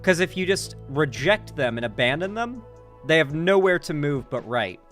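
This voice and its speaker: A man's voice: a little high, big pitch swings, moderate pace, fairly bright tone, faint music behind. A man doing casual live-stream commentary, rambling with lots of "like" and swearing freely.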